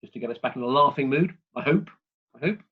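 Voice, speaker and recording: A man giving a humorous prepared speech over a video call, in a dry, wry, deadpan way. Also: mid-range voice, fast talker, breathy edge, dull audio. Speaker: club speaker.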